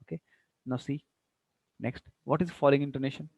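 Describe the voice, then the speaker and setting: A man's voice: medium pitch, steady tone, brisk, vocal fry, darkish tone, dry recording, low-quality recording. A man with an Indian English accent teaching an English class online. He explains patiently and acts out each example sentence with exaggerated rises and falls, slipping into Hindi now and then. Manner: slips into Hindi asides.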